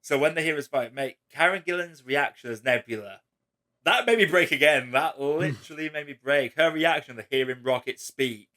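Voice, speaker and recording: A man's voice: on the high side, normal speed, pushed and bright. A man hosting a casual spoiler chat, talking animatedly and acting out quotes in raised voices. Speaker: podcast host.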